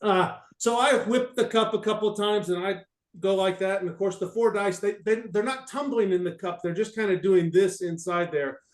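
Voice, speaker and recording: Amused man telling a story, roomy sound. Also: high voice. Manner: halting, many restarts, amused. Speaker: storyteller on a panel. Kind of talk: casual anecdote told to an audience.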